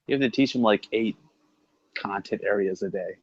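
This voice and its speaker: A man in casual livestream banter, excitable and swearing a lot, with loud outbursts. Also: lowish voice, normal speed, dull audio, noisy background. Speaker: co-host.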